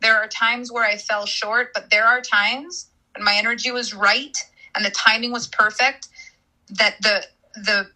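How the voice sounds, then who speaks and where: An emphatic woman coach hosting a live audio-room Q&A. Her voice is very bright and piercing, and she drives her points home by repeating phrases. Her pitch sits in the middle of the range. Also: rough recording.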